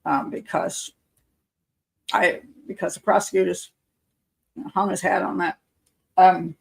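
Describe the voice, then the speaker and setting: Profiler host, woman, with a creaky voice and a middling pitch, reading reports with doubtful running commentary. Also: low-quality recording. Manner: skeptical, muttering asides and self-corrections. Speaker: criminal profiler hosting a live show.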